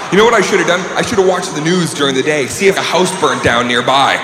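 A male stand-up comedian with a loud, swaggering delivery, acting out scenes with shouted voices. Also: on the high side, fast, heavy background noise. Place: comedy club on stage. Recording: roomy live club recording with crowd.

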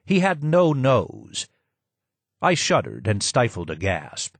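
A man reads a first-person audiobook in a measured, descriptive manner. His voice sits at a middle pitch. The recording is dry with no room sound. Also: huge pitch swings, breathy edge, dry recording. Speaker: audiobook narrator.

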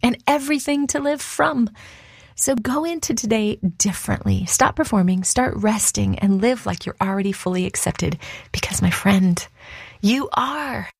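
Gravelly-voiced woman giving a devotional. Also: mid-range voice, expressive, normal speed, no echo. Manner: warm, encouraging, direct address. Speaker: radio devotional host. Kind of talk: scripted devotional.

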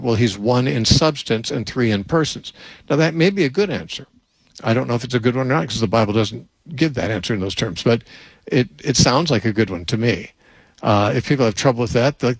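An older man, a Bible teacher, answering a question in thoughtful unscripted talk with frequent restarts and a slightly husky voice. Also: mid-range voice, no echo, poor audio.

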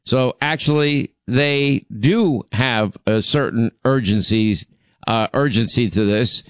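A man's voice: mid-range voice, takes it slowly, clear, resonant tone, dry recording, studio quality. A man hosting a talk radio show, delivering a blunt, indignant monologue full of rambling asides.

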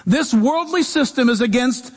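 A man preaching a sermon as a pastor, animated and shifting voices as he makes his points. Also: very high-pitched, normal speed, long reverb tail.

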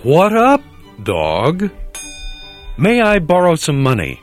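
A man's voice: on the high side, huge pitch swings, slow, faint music behind, full character voice. A man playing a prim, stiff young man in a mock ad, speaking formally and then parroting slang. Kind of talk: mock ad narration.

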